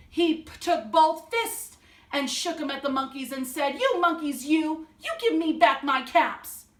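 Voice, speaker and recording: A woman reading a children's picture book aloud, drawing out words in an expressive storytelling manner. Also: high voice. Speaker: storybook reader. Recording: roomy, from a distance.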